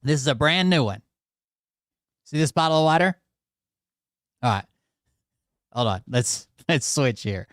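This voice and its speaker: A man's voice: mid-range voice, lively intonation, measured pace, pauses often, no room sound, studio quality. A male channel host ranting casually to his viewers, exasperated and swearing often as he talks straight to them. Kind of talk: casual profane rant to viewers.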